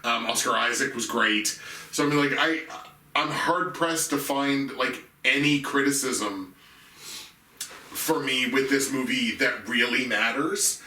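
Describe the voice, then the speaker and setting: A man's voice: mid-range voice, a little slow, sharp tone. A man co-hosting a movie podcast, ranking his favorite films with open enthusiasm. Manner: enthusiastic, laughs while talking. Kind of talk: casual film review chat. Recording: echoey room, mic at a distance.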